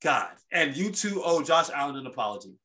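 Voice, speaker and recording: Animated, bright-voiced sports podcast host. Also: male voice, a little high, brisk. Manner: animated, rambling storyteller with restarts. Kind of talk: casual sports chat.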